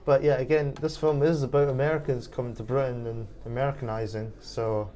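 A man in casual podcast film chat, animated and rambling with fillers. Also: medium pitch, a little fast, a little hiss or hum.

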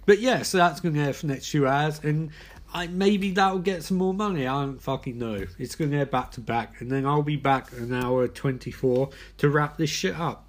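Frazzled high-voiced man ranting. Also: normal speed. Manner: swinging between frantic rants and exhausted mumbling, swearing often. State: exhausted. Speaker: podcast host. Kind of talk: comedic podcast monologue.

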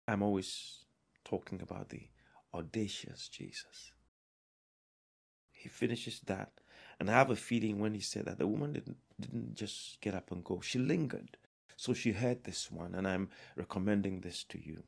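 A man preaching a sermon, emphatic and deliberate, with fervent raised passages. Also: lowish voice, vocal fry.

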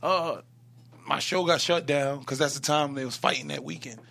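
A man chatting as a podcast guest, telling animated stories about his marriage with loud, laughing bursts. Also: a little high, moderate pace, creaky. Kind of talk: casual storytelling chat.

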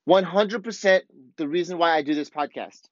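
A man's voice: fairly high pitch, moderate pace, dry recording, highs cut off. Fired-up, profane podcast host, a man. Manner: blunt, profane, fired-up ranting. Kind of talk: casual monologue.

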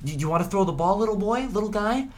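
A man's voice: high-pitched, animated, rapid-fire, darkish tone, slight background noise, voice pushed up. A man putting on a teasing, condescending male football coach who talks down as if to a child. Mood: mocking.

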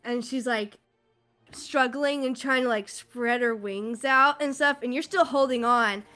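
A woman's voice: a little high, a little slow, pushed and bright, faint music behind. A woman narrating a tabletop game as game master, chatty and loose, laughing with her players.

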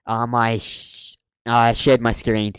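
A man's voice: mid-range voice, monotone, slow, smooth, no echo, studio quality. A man co-hosting a podcast in casual chat, agitated and stammering with restarts. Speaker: podcast co-host.

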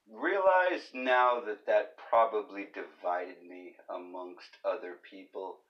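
A man's voice: low voice, lo-fi sound. A man hosting his own comedy podcast alone, rambling through jokes with profane, self-deprecating asides. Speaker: podcast host. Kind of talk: comedic solo podcast monologue.

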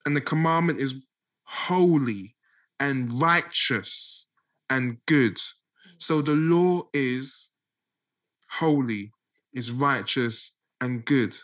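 A man's voice: a little high, slow, pauses often. A man preaching a casual Bible teaching, repeating key points and checking that listeners follow. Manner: conversational, repeats and emphasizes points.

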